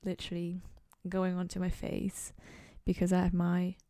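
Chatting alone on her podcast from a dorm room, a young woman rambles goofily and pokes fun at herself. She speaks at a moderate pace in a fairly low, dark voice with a completely flat delivery, recorded in studio quality with no room sound.

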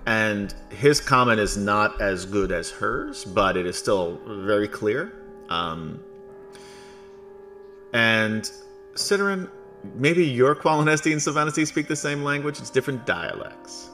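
New man as game master, bright and forceful tone, easy storytelling with frequent ums. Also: lowish voice, measured pace, faint music behind. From New York. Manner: relaxed storytelling with frequent ums, joking asides. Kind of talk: narrating a tabletop game.

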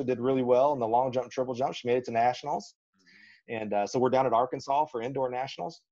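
A man from Alabama, a track coach, spins a long story on a podcast in a folksy, animated way and acts out every quote. His voice sits mid-range, and the recording is slightly muffled and lo-fi. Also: mid-range voice. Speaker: track and field coach, guest. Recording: slightly dull lo-fi audio.

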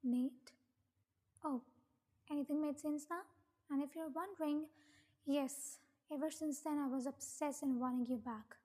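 A woman's voice: high-pitched, fairly even intonation, measured pace, long pauses, dark tone, long reverb tail. A woman reading the part of an obsessive, jealous young man who mocks and taunts. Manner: taunting, mocking.

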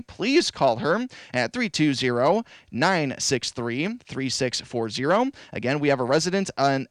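A man hosting a local radio call-in show, friendly, repeating phone numbers slowly. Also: mid-range voice, no room sound. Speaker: radio host. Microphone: studio microphone.

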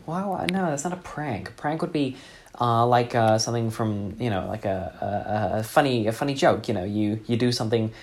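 A man telling a deadpan comic story in a rambling way, with many fillers. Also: mid-range voice, moderate pace, slight background noise.

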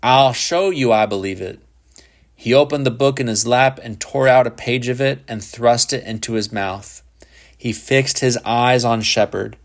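A man narrating a literary short story in a measured, unhurried reading. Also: medium pitch, steady tone.

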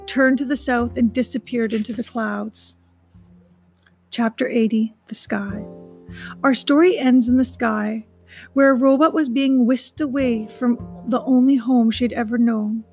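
Woman, storybook narration, soft and steady, fairly high voice, faint background music. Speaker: audiobook reader.

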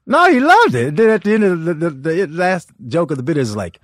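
A male comedian from Los Angeles telling stories on a podcast, animated and laughing often. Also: fairly high pitch, brisk, dry recording, clean studio sound. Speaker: guest comedian. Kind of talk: storytelling on a podcast.

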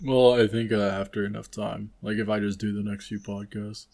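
A young man chats on a casual podcast in a slightly low voice. He rambles and muses with plenty of "like" and "right?" thrown in. The talk is loose and unscripted. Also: level tone, fairly quick, vocal fry, darkish tone. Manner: rambling, filler-heavy, musing. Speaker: podcast co-host. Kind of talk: casual chat.

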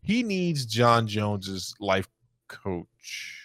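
A man co-hosting a casual podcast, telling stories in an animated way, laughing often and swearing. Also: lowish voice, drawn-out words, dry recording, clean studio sound. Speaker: podcast co-host. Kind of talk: casual chat.

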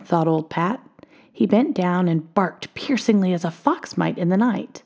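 A woman reading a children's storybook aloud, expressive and often dropping to a hush. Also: lowish voice, a little slow.

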